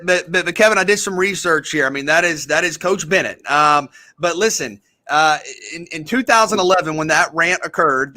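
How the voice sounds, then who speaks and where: A man co-hosting casual sports talk in a measured way, sharing facts he researched. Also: sits high, pushed and bright.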